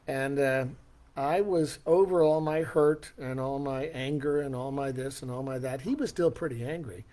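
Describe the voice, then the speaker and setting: A man's voice: medium pitch, normal speed, darkish tone. An older man giving a motivational talk, telling a personal story in an earnest, reflective way and asking rhetorical questions. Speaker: speaker.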